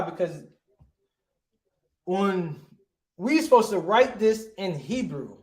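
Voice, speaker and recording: Casual man teaching in an echoey room. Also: high-pitched. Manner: casual, repeats "right?" often, pauses to look things up. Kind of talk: informal Bible language lesson.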